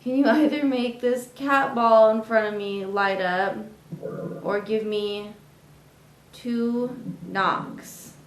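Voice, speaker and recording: A woman's voice: a little high, steady tone, slow, roomy sound, low-quality recording. A woman investigating the paranormal who asks a spirit for a sign in a tentative, nervous way. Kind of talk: calling out to a spirit.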